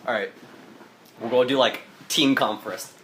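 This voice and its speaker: A man's voice: medium pitch, normal speed, a little hiss or hum. A man playing a tabletop game, talking casually with plenty of swearing and laughter. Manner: animated, swearing, laughs a lot. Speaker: player.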